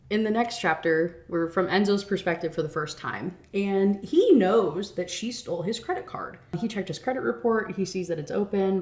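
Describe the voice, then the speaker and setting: A woman's voice: medium pitch, a little mellow. Young woman ranting about a book. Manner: chatty, swearing, full of "like". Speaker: book reviewer. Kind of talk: casual rant review.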